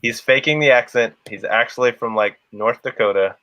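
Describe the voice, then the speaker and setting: A man's voice: mid-range voice, moderate pace, sharp tone, no room sound. A man hosting a livestream chat, talking in a rambling, conversational way. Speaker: livestream host. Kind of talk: casual chat.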